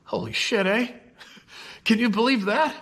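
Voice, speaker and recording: A man doing a high-voiced wondering Canadian castaway. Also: measured pace, fairly bright tone. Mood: amazed. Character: amazed stranded Canadian man.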